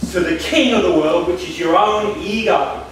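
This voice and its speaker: A high-pitched man lectures emphatically and repeats his key phrases like a preacher. He is caught from across a very echoey room, with a faint hum of ambience behind him. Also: normal speed, far from the mic. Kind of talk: spiritual workshop lecture.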